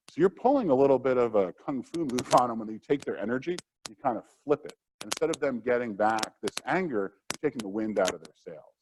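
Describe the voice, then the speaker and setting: A man presenting a workshop lecture in a conversational way, acting out quotes, with steady noise behind. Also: fairly low pitch.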